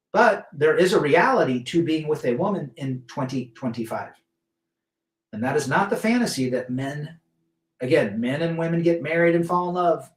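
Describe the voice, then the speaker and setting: A man's voice: fairly high pitch, roomy sound. Rambling man hosting a live stream. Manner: rambling, many restarts, reads chat aloud. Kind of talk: casual live stream chat, reading comments.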